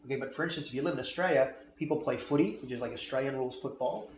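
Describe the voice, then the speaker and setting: A man's voice: medium pitch, racing. A man coaching on sales, talking emphatically and often checking in with "okay?" and "right?". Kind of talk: instructional talk on selling. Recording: echoey room with faint noise.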